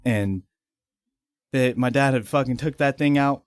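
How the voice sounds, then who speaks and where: A man's voice: mid-range voice, a little slow, clear, resonant tone, no room sound. A young man, a podcast guest, telling casual stories, swearing freely and laughing as he talks. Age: young adult. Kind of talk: casual storytelling.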